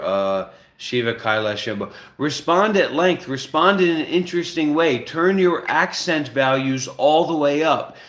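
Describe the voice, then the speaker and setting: A man's voice: medium pitch, fairly bright tone. Commanding man, roomy echo. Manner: commanding, issues blunt instructions. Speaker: livestream host. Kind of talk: casual livestream talk.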